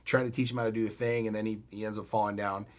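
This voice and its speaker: Man, middle-aged, low-pitched voice, blunt and animated, casual podcast chat. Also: racing. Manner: blunt, profane, animated storytelling. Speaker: podcast co-host.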